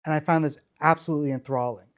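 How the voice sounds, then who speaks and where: A man's voice: a little high, steady tone, fast, fairly bright tone. A middle-aged man giving a storytelling keynote talk, enthusiastic and rambling, often restarting his sentences. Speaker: conference speaker.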